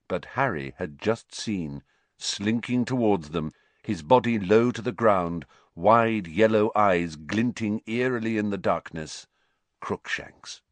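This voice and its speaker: A man's voice: lowish voice, dry recording. A man narrating a fantasy novel as an audiobook in a dramatic, tense storytelling manner.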